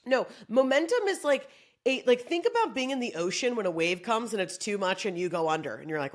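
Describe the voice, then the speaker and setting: A woman's voice: a little high, a little fast. A woman comedian delivering a casual motivational monologue, joking and swearing freely as she talks. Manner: profane, joking, animated. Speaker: comedian giving a pep talk.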